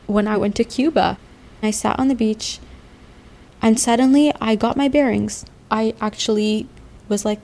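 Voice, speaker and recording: Candid woman with gravelly voice. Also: on the high side, darkish tone. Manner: emotional, candid, halting. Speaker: interviewee. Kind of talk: personal testimony.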